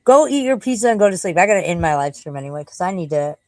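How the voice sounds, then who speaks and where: Low-voiced, profane, tired woman streamer. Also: animated, quick pace, a little mellow, dry recording, rough recording. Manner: rambling and profane, breaks off to scold and coo at her dog. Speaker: live streamer. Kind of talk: casual late-night live stream chat.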